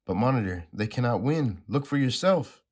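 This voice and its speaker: A man's voice: mid-range voice, expressive, moderate pace, slightly rough, pitched above the performer's own voice. A man reading a comic aloud, voicing a grieving, desperate male survivor in a slightly raised, urgent voice. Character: anguished male survivor, grief-stricken and desperate.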